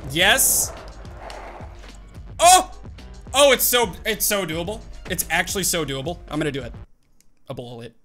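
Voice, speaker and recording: An excitable man narrating his own gameplay, bursting into exclamations and hyping himself up. His voice sits a little high and has a bright, forceful edge. Faint music plays underneath. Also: unhurried, long pauses. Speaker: gaming video host. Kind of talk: live gameplay commentary. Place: at a home computer desk.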